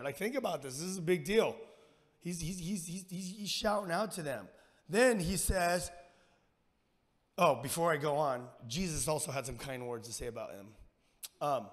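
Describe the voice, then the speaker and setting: A guest preacher gives an energetic sermon, loose with slang and lively in his storytelling. His voice sits a little high for a man. It rings with the long reverb of a church hall. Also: normal speed. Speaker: guest speaker. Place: church sanctuary.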